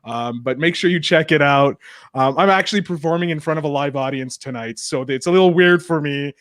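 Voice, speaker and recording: A man's voice: a little high, a little fast, a bit bright, dry recording, clean studio sound. A man hosting a movie podcast, chatting casually and plugging shows between questions. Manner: chatty, plugs shows, self-deprecating about stuttering. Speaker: podcast host. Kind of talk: casual chat.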